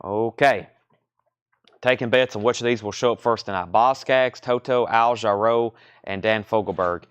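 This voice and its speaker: A man hosting a live record sale, quickly calling out prices and reading buyer comments, a little out of breath. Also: lowish voice, smooth, no echo. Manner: fast, running price calls and reading comments. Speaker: record store host selling live. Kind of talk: live sales stream chat.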